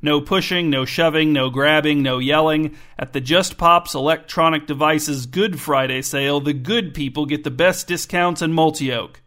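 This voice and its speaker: A smug, stubborn shop owner who is pleased with his own ideas, voiced by a man reading a story. The voice sits a touch high and stays plain and everyday. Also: normal speed, hardly any pauses, bright, forceful tone. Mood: pleased, insistent. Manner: stubborn, self-satisfied.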